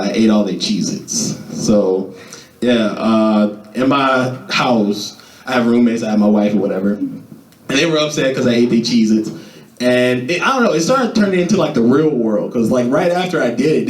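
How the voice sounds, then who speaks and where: A young man doing stand-up at an open mic, talking loosely and animatedly and jumping into high squeaky voices when he quotes people. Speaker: stand-up comedian. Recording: echoey room, mic from a distance.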